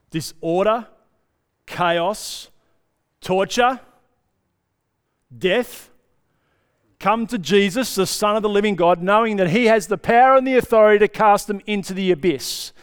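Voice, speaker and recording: A man's voice: high voice, slow pace, pauses often, smooth, in a large hall. A man preaching a sermon in a conversational way, checking in with the congregation. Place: church hall.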